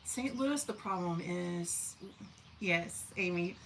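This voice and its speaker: A woman's voice: fairly low pitch, slow pace, creaky, a bit bright, slight background noise, poor audio. Chatty woman from southern Missouri. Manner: chatty, folksy, talks to her dogs. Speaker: livestream host. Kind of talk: casual live chat reading comments.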